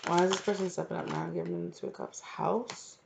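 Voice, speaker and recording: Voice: mid-range voice, big pitch swings, fast, gravelly, heavy background noise. A tarot reader giving a casual, channeled reading who rambles with many fillers and acts out imagined quotes.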